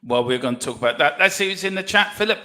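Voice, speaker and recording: A man co-hosting a casual sports livestream, jokey and energetic, with a sore throat. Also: on the high side, quick pace. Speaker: livestream co-host.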